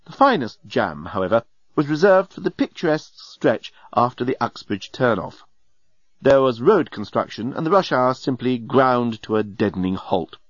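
A man narrating an audiobook in a wry, lively storytelling manner. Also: mid-range voice, normal speed, dry recording, highs cut off.

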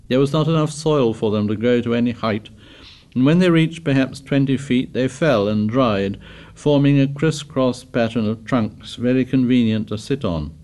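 A man narrating a novel in a measured, even storytelling voice. His pitch sits in the middle range, and he reads steadily and deliberately, as in a classic audiobook. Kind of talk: scripted narration.

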